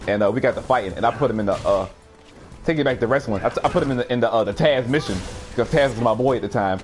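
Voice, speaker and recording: A young man streaming a fighting game, telling a rowdy story in a casual, animated way with frequent laughter and sudden excited outbursts. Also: medium pitch, rapid-fire, soft background music.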